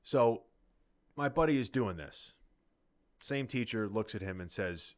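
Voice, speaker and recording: Low-voiced man telling a profane story. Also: lively intonation, unhurried, long pauses. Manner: rambling, profane, acts out quotes. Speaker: podcast co-host. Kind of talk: casual storytelling chat.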